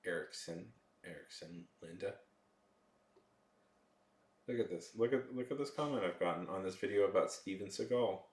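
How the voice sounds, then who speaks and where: A man's voice: low-pitched, animated, normal speed, pauses often, reverberant. A man chatting casually with his live-stream viewers, rambling with lots of fillers.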